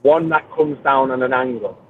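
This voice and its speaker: A man's voice: medium pitch, normal speed, a little hiss or hum. Man chatting over a tinny phone line. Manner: rambling, with many fillers and restarts. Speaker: reef-keeping chat participant. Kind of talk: casual chat. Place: car.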